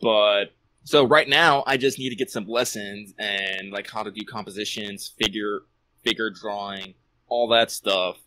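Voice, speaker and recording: A man's voice: on the low side, steady tone, unhurried, pushed and bright. A man in his thirties co-hosting a casual podcast, talking in a rambling, self-deprecating way with casual swearing. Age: 30s. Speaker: podcast co-host. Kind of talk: casual chat.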